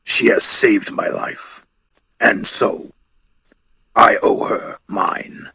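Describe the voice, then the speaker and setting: A man's voice: lowish voice, drawn-out words, gravelly, noisy background, heavily acted. A man voicing a proud male alien hunter warrior who speaks formally and tersely.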